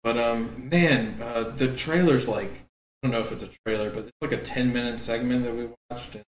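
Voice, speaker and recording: A man's voice: medium pitch, brisk, a little hiss or hum. A man co-hosting a casual gaming podcast, talking in a laid-back, slangy, enthusiastic way. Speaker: podcast co-host. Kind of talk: casual chat. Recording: echoey room, mic far off.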